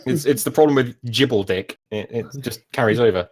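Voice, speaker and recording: A man's voice: mid-range voice, fairly quick, darkish tone. A man narrating as game master of a tabletop game, rambling and self-mocking with many fillers.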